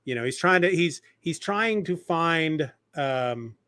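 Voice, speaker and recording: A man co-hosting a podcast, retelling comic stories in a lively, animated way. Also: on the high side, slow, no room sound, studio quality. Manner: animated retelling, acting out quoted lines. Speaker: podcast co-host. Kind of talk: casual chat about comics.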